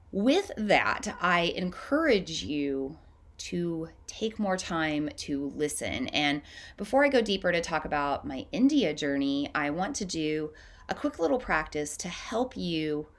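A woman hosting a podcast, leading a guided breathing meditation in a slow, gentle, soothing way with long pauses. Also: low voice.

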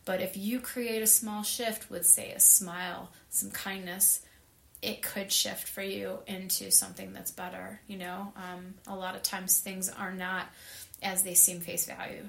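A woman guest on a podcast, speaking earnestly and warmly with lively emphasis about well-being. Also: mid-range voice, measured pace, gravelly. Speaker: wellness guest. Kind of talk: casual interview chat. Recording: roomy echo.

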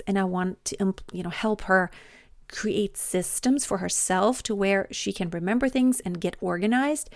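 A woman in her thirties talking casually about parenting in a chatty, animated way with many fillers. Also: mid-range voice, dry recording, clean studio sound. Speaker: podcast host, mother. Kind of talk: casual personal monologue.

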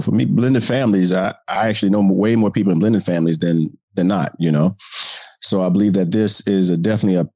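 Chatty host drawling "y'all", low voice. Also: male voice, darkish tone, no room sound, clean studio sound. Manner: casual, chatty, addresses listeners as y'all. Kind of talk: solo podcast monologue.

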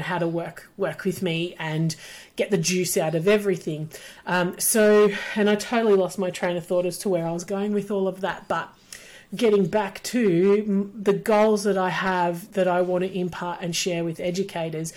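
A woman's voice: fairly low pitch, a little mellow. A middle-aged woman, rambling cheerfully through a solo podcast for educators. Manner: chatty, rambling, upbeat. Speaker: podcast host, business coach for educators. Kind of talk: casual solo podcast monologue.

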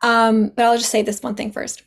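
A chatty woman talks as a podcast guest. Her voice sits a bit high, and she acts out quoted dialogue as she goes, laughing often. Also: flat delivery, a little fast. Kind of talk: casual podcast chat.

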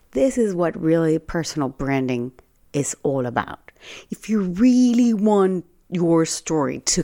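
In a low-pitched, warm voice, a Spanish-speaking woman gives an earnest motivational talk as a personal branding speaker. She tells a personal story conversationally, restarting and repeating herself to stress her points.

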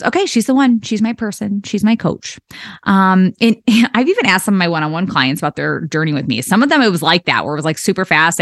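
Chatty, animated woman coaching on a podcast. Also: on the low side, no room sound, clean studio sound. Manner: chatty and animated, laughs often, fillers like okay and all right. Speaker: podcast host and business coach. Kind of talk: solo podcast pep talk.

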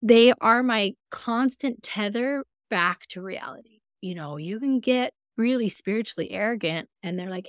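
A woman guest on a podcast, a mindfulness coach, telling personal stories in a candid, earnest way with sudden jumps in pitch. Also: lively intonation, normal speed, hardly any pauses, dry recording, clean studio sound. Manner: earnest, self-reflective. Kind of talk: casual interview conversation.

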